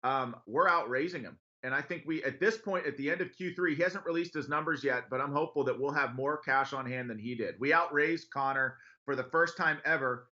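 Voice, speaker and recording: A man in his thirties from western Pennsylvania, a congressional candidate telling his story in an earnest, brisk radio interview. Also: mid-range voice, sharp tone, lo-fi sound. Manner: earnest, brisk, laughs easily while telling stories.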